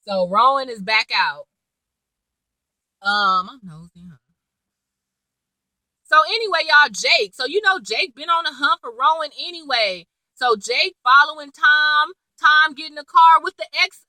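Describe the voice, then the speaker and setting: A young woman chatting casually as she recaps a TV episode, slangy and animated, acting out lines as she goes. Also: sits high, no room sound, poor audio. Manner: chatty, slangy, animated retelling with quoted asides. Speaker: TV episode reviewer.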